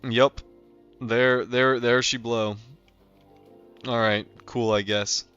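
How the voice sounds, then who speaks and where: A young North American man livestreams a game and chats casually, rambling loosely with plenty of fillers like "like" and "um." His voice is medium-pitched, fairly bright, clear and resonant, with fairly even intonation and a slow pace. The stream audio is slightly muffled, with faint music underneath.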